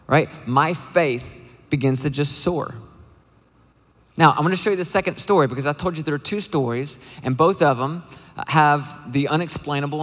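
A man preaching a sermon as a pastor, talking in an earnest, conversational way with quick asides and fillers. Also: medium pitch. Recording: long hall reverb.

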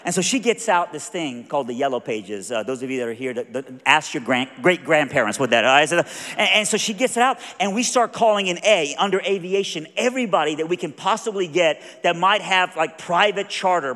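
A high-voiced Southern American man preaches in a folksy, animated way, spinning a story and putting on the other people's voices. His voice rings out with a long reverb from a large hall. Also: brisk. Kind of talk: sermon storytelling.

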